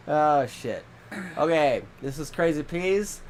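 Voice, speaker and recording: A man with a mild head cold co-hosts a laid-back podcast. He rambles through anecdotes, sitting at an ordinary mid pitch. There is a faint hiss and room ambience behind him. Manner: rambling storytelling, acts out quotes in squeaky voices. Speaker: podcast co-host. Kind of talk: casual chat.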